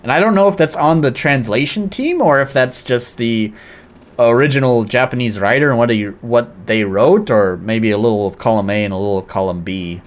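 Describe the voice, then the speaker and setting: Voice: medium pitch, normal speed. A streamer giving blunt, sarcastic, swearing commentary during a live game playthrough.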